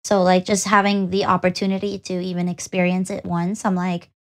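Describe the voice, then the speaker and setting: A woman's voice: lowish voice, completely flat delivery, a little fast. A woman co-hosting a VTuber podcast in casual chat, giggly and often trailing off mid-sentence.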